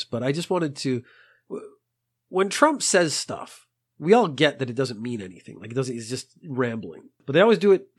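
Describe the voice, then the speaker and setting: A man's voice: medium pitch, breathy edge. A man hosting a podcast in a casual monologue, dry and exasperated, rambling at length. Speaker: podcast host.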